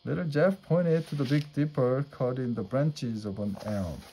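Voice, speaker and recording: A man reading a children's storybook aloud at a measured pace. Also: medium pitch, dark tone, breathy edge. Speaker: storybook reader.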